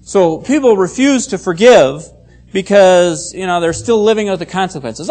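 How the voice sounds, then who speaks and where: Lively, emphatic preacher giving a sermon. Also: medium pitch, moderate pace. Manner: emphatic, repeats key phrases; explains Bible words and reads scripture aloud. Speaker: pastor.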